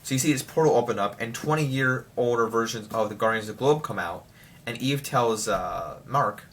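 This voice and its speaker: A young man rambling excitedly through a casual spoiler review of a TV show. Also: medium pitch, normal speed, slight background noise.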